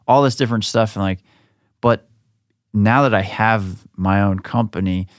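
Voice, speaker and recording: A thirty-year-old man hosting a podcast, chatting in a relaxed, affirming way with loose run-on thoughts. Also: on the low side, moderate pace, no echo, studio quality. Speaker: podcast host. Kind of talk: casual interview chat.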